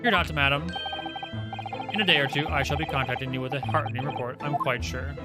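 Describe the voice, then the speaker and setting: A man voicing a haughty, theatrical detective who speaks in grand, airily dismissive phrases, over loud game music. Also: medium pitch, fairly even intonation, fast, natural voice. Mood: pompous. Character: haughty, theatrical male detective, middle-aged.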